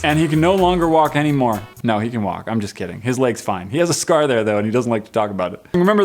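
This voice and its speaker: A man in his twenties hosting a vlog, reading viewer comments in a playful, joking way. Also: sits high. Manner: playful, jokey, animated. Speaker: vlog host.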